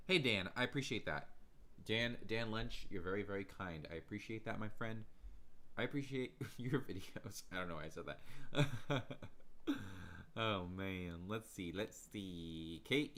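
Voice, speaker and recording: A man hosting a casual livestream from home, energetic and chatty, laughing often as he talks to his viewers. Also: fairly low pitch. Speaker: livestream host.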